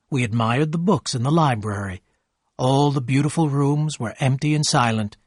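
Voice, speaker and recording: Male narrator, clear and measured, slow learner-friendly storytelling, mid pitch, dry read. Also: dry recording.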